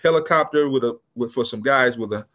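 Speaking briskly in a medium pitch, a man in his sixties who founded a business in California spins a tale during a casual podcast interview. He acts out the quotes of the characters and frequently starts his sentences over, all captured on dull-sounding audio.

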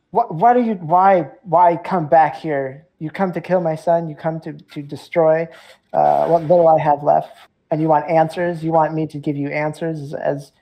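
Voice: medium pitch, lo-fi sound, close to an everyday voice. A game master voicing an agitated, grieving male village priest who stammers out defensive accusations.

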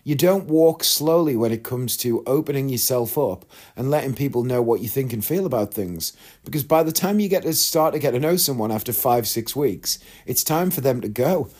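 This man's voice sits in the mid range with a darkish tone, animated and at a moderate pace. Chatting candidly in his casual vlog, he spins out a long tale full of tangents and imitations of others' lines.

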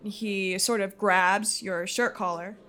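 A woman's voice: mid-range voice, steady tone, slow pace, bright, forceful tone. A woman narrating a tabletop role-playing game as game master, casual and laughing often.

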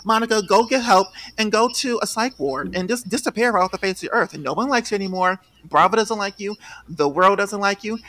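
A young man hosting a podcast, chatting about reality TV gossip in an animated, sassy way with sudden shrill outbursts. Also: a little fast. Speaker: podcast host. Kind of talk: casual gossip chat.

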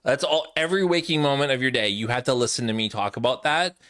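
A male podcast host keeps a casual chat going, teasing his co-host and laughing. His voice is mid-pitched and bright. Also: fast talker. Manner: laughing, teasing, sets up games.

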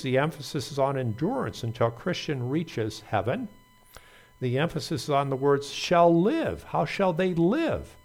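A man preaching an earnest Bible sermon, reading scripture aloud with small slips. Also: medium pitch.

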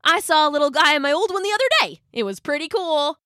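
Woman playing a bubbly, excitable hermit crab boy. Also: high-pitched, fast talker, dry recording, studio quality, pitched above the performer's own voice. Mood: excited. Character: upbeat colorful young male hermit crab. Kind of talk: storybook reading.

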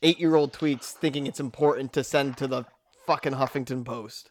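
A man who used to work as a radio DJ, a podcast guest talking in an animated, indignant way. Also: mid-range voice, normal speed, a little hiss or hum. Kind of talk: casual chat.

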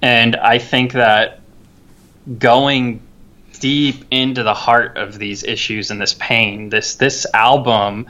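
A man's voice: mid-range voice, steady tone, takes it slowly, bright, forceful tone. A man co-hosting a podcast, talking in an earnest, reflective way and often restarting his phrases. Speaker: podcast co-host. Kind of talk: casual podcast discussion.

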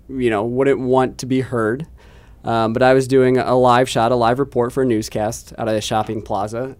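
A man's voice: mid-range voice, a little mellow. A man, a TV news reporter, chatting casually and telling a self-deprecating story with many restarts. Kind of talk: casual chat, telling an anecdote.

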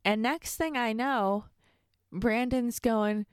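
A young woman chatting as a podcast guest, recounting a story with lively energy and easy laughter. Her voice sits a little high and sounds dry and close. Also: takes it slowly, clear, resonant tone, no echo. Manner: animated storyteller, laughs easily. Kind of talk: casual chat.

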